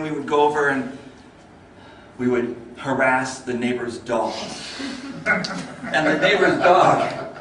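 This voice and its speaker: A club speaker tells a story in a meeting hall, animated, building up energy and then dropping low. The hall is echoey, the mic sits far off, and there's a little hiss or hum.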